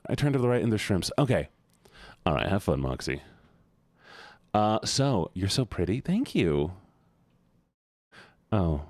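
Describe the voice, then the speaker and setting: A man's voice: fairly low pitch, no room sound, clean studio sound. A man streaming live and chatting casually with his viewers, rambling and joking at his own expense. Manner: rambling, self-mocking, chatty.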